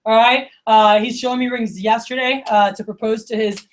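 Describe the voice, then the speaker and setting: A woman in her thirties speaks in a fairly high voice. She gives a casual motivational talk to her team, loose and chatty, full of "like" and "you know". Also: fairly even intonation, normal speed. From Miami. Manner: casual and chatty, lots of "like" and "you know", acts out quoted friends. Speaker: division leader giving opening remarks.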